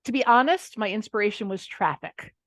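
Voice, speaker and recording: A middle-aged woman from Pennsylvania, a nonfiction author, telling anecdotes in a lively, wry way. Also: mid-range voice, a little fast, dry recording. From Pennsylvania, USA. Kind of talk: casual interview storytelling.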